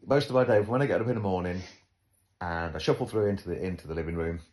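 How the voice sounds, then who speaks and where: A man with a very low, deep voice talks casually as a podcast host. His manner is wry and joking, and he pokes fun at himself as he chats. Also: quick pace, a little mellow. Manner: wry, joking, self-deprecating. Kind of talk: casual chat.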